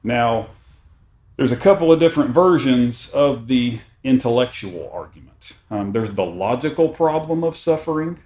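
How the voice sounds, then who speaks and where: A man leading a church study lesson, talking in a conversational, halting way with frequent restarts. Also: mid-range voice, expressive, a little mellow. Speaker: Bible study teacher. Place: church meeting room. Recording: roomy room with faint background noise.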